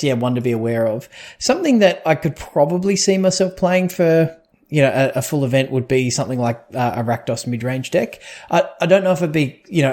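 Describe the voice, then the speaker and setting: Man rambling through a card-game podcast. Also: medium pitch. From Australia or New Zealand. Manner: rambling, many fillers and restarts. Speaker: podcast co-host.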